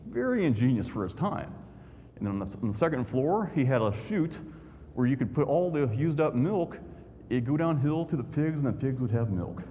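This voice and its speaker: A man's voice: medium pitch, very animated, normal speed, warm tone. A man, a YouTuber giving a folksy storytelling talk to an audience. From Indiana, USA. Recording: long hall reverb, faint noise.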